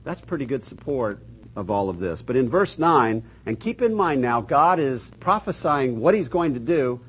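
Older guy teaching bible class, husky voice, folksy and jokey, leans hard on the verses. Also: medium pitch, very animated, normal speed, a bit bright, soft background music, low-quality recording. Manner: folksy, joking, reads scripture aloud with emphasis.

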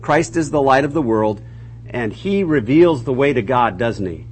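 A man's voice: mid-range voice, lively intonation, normal speed, a little mellow, slight background noise. A man teaching a conversational Bible lesson, asking the class rhetorical questions and restarting his sentences often.

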